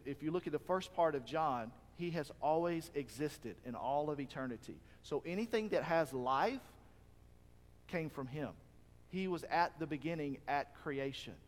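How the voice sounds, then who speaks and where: A man's voice: on the high side, in a large hall. A man preaching a sermon in an earnest, conversational way, often asking his listeners questions. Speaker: pastor.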